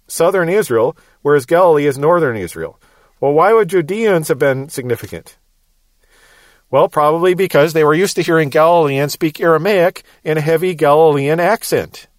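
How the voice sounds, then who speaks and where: Male bible teacher, midwestern accent, slightly high voice, dry close sound, verse-by-verse explaining. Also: no room sound. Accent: Midwestern American. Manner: explanatory, repeats words, light chuckles.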